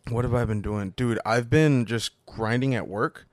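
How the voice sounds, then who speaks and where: A man's voice: medium pitch, darkish tone, dry recording. Laid-back young man in casual chat. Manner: laid-back, reacts with quick exclamations. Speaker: podcast co-host.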